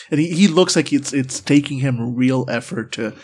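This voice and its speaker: A man narrating a tabletop game as game master, halting often with fillers and restarts. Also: medium pitch, a little mellow, breathy edge.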